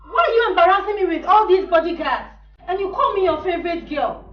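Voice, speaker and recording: A woman's voice: very high-pitched, expressive, a little fast. An actress with a Ghanaian English accent playing a spoiled, defiant young woman who complains indignantly in a film drama. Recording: echoey room, mic far off, dull sound.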